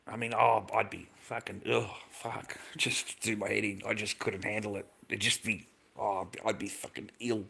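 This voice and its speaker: A man's voice: fairly low pitch, creaky, sharp tone, breathy edge. A middle-aged man, chatting casually to his livestream audience in a blunt, profane, rambling way with frequent laughs. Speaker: livestream host.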